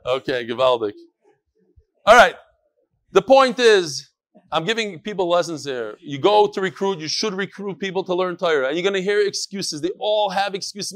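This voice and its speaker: A man giving a lively Torah class to a live group, telling stories and calling listeners up to the front. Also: high-pitched, normal speed. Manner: animated storyteller who calls listeners up to the front.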